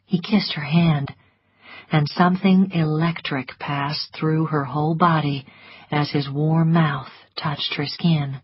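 A woman calmly narrating an audiobook in a measured storytelling manner. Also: sits low, slightly rough, no echo. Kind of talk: scripted narration. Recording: dry, slightly muffled studio audio.

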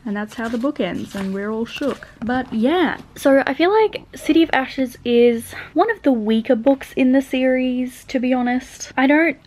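A young woman with an Australian accent chatting casually in a book vlog, animated and laughing often. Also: sits high, moderate pace, hardly any pauses. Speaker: book vlogger. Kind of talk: casual reading vlog chat.

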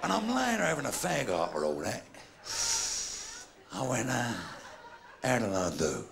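Gravelly older Cockney comedian, lively pitch. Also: male voice, measured pace. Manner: animated, bawdy yarn-spinning with shouted sound effects. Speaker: stand-up comedian. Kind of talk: live stand-up storytelling. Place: live comedy venue.

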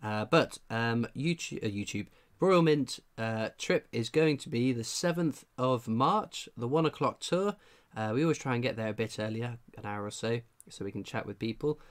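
A man's voice: mid-range voice, normal speed. A man with a cold, hosting a casual live stream, chatting and reading out viewer names. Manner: chatty, reads out viewer names, laughs a lot. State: has a cold. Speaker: livestream host. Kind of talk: casual livestream chat.

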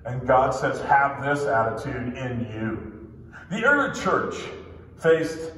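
A man's voice: medium pitch, sing-song, fairly bright tone, distant mic. Man preaching in an echoey hall. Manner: emphatic, drawn-out phrasing with repeated refrains. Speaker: pastor. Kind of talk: sermon. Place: church sanctuary.

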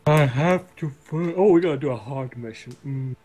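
A man's voice: medium pitch, moderate pace, dark tone. A man with a Swedish accent chatting, joking, swearing and laughing while playing a video game with a friend. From Sweden. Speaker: guest co-player. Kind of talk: casual gameplay chat.

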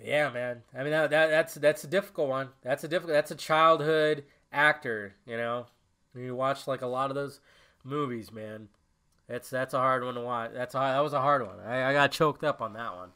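Bright-voiced young man rambling emotionally. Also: medium pitch, moderate pace, clear, resonant tone. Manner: rambling, emotional, swears often. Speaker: podcast host. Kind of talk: casual solo podcast talk.

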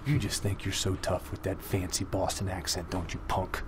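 A man playing a loud, aggressive, clueless cop in a comedy sketch, blustering and laughing through his rants. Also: deep voice, flat delivery, moderate pace, natural voice. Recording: faint background noise.

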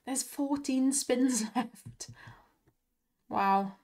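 A young woman hosting a slot-win video, gushing and giggling in excited commentary. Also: high voice, very slow.

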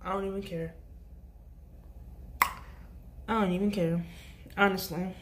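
A woman's voice: medium pitch, steady tone, slow, background noise. Rambling young woman telling a storytime. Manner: rambling, casual, frequent restarts and asides. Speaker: vlogger. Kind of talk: storytime vlog.

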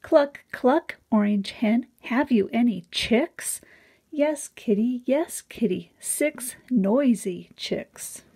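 A woman reads a children's picture book aloud, slow and unhurried, with a warm, mellow tone. Her voice is a little breathy, and she lifts it in a sing-song way on each animal sound. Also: a little high.

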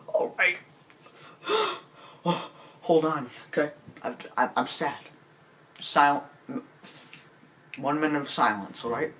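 Man, mock-serious apology monologue, stammering, fake-tearful, slow-talking, fairly high voice. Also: a bit bright. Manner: pleading, with sudden high squeaky cracks. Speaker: comedy vlogger.

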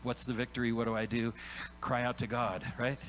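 A pastor preaches conversationally, repeatedly checking in with "right?" and quickly acting out biblical characters in voiced asides. His medium-pitched voice is fairly bright but shows little pitch movement. The recording is rough.

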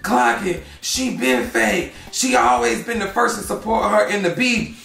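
A man's voice: high-pitched, expressive, a little slow, gravelly, sharp tone, distant mic. A man hosting a celebrity drama commentary show, sassy and exclamatory as he reads posts aloud and reacts to them. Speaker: gossip show host. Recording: echoey room, off mic, faint music.

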